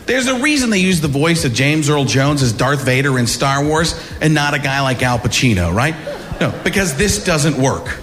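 A man doing a stand-up routine with exaggerated, yelling impressions, recorded live. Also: fairly high pitch, lively intonation, normal speed. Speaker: stand-up comedian. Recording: echoey live club recording with noise.

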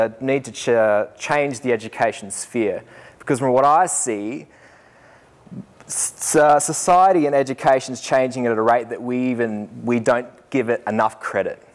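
A young man, a student teacher telling a lively story to a group and laughing as he goes. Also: medium pitch. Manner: animated, laughing, acts out voices in anecdotes. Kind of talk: storytelling talk.

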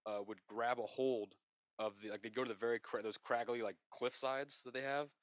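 A man's voice: medium pitch, fairly even intonation, fairly quick, no room sound. A man co-hosting a casual comedy podcast, rambling and spinning absurd tall tales with a straight face. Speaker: podcast co-host.

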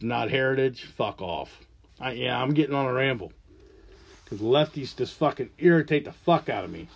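A man's voice: a little high, a little mellow. A man hosting a solo podcast, delivering an angry, profane, rambling rant. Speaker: podcast host.

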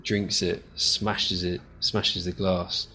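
A man's voice: low-pitched, little pitch movement, slow pace, bright, forceful tone, slight background noise. A man narrating as game master, describing the action in a laid-back way.

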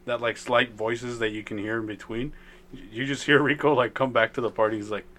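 A young man co-hosting a casual podcast, relaxed and laughing, often trailing into a low mumble. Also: brisk. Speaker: podcast co-host. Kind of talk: casual chat.

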